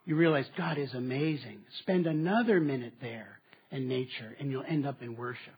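A man preaching a sermon, moving between strong statements and quiet asides. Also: mid-range voice, moderate pace, husky. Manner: dynamic preaching, dropping to quiet asides with laughs. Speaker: pastor. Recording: slightly dull, muffled sound.

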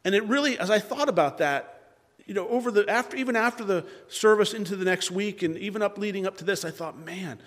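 A man preaching a sermon at a Bible study, earnest, with dramatic pauses and restarts. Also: high voice. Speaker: pastor leading a Bible study. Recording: long hall reverb.

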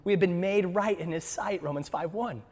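A man preaching a sermon in church, animated and acting out scripture scenes with voices. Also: high-pitched, normal speed, long reverb tail. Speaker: pastor.

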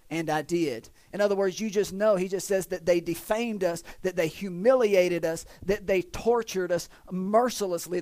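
A high-voiced man preaches a folksy church sermon as pastor. He stretches out the scripture in a slow, loud reading voice and keeps turning to the congregation with questions. The recording is close and dry, with little room sound. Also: no room sound.

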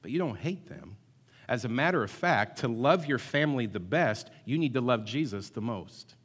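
A man's voice: medium pitch, expressive, moderate pace, slightly rough. A man preaching a sermon as pastor, emphatic and repetitive, at times rising to call-and-response with the congregation. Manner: emphatic, builds to loud call-and-response, repeats words. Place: church sanctuary. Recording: long hall reverb.

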